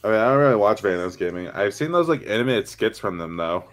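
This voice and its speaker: A man's voice: on the low side, expressive, fast talker. Chill twenty-something guy on a call, lots of uhs and likes. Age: 20s. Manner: easygoing, full of fillers. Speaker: guest. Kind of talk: casual chat.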